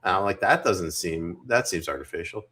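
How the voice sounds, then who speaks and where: A man co-hosting a podcast, giving measured, wry opinions on politics in casual conversation. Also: sits low, animated, pushed and bright, husky. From Canada. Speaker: podcast co-host.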